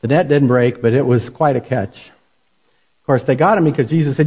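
A man's voice: mid-range voice, normal speed, slightly rough. A man preaching a sermon, telling the story in a folksy, conversational way. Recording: dull lo-fi recording.

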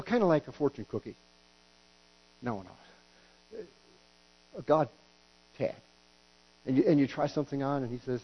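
A middle-aged man preaching a sermon as pastor, folksy and joking, with stumbling restarts and acted-out quotes. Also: mid-range voice. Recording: dull lo-fi recording with hum.

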